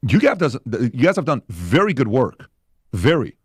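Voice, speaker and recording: A man's voice: mid-range voice, sing-song, normal speed, darkish tone, breathy edge, dry recording, clean studio sound. A man on a podcast giving emphatic, repetitive advice in a monologue. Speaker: podcast host in clip.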